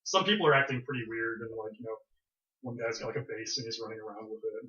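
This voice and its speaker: A man narrating a tabletop role-playing game as game master, laying out scenes in a quick, plain-spoken way. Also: fairly low pitch, pushed and bright. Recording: echoey room, dull lo-fi sound.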